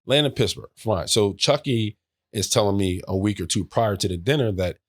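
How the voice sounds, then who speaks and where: Animated storytelling former football player. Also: male voice, lowish voice, normal speed, no room sound. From New York, USA. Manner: animated, profane, scat-filler asides. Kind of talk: casual storytelling.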